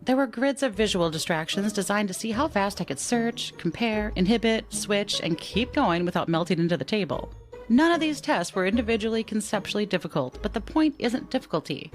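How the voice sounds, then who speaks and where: Woman podcast host, mid-pitched, measured storytelling voice with faint music underneath. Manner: measured, reading out digit sequences slowly. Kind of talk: narrated personal story.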